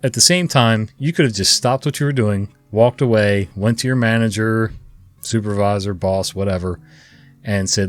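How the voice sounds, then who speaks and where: A man's voice: fairly low pitch, normal speed, soft background music. A man hosting a storytelling channel, giving casual, folksy commentary and talking straight to his viewers, his voice jumping up when he addresses them.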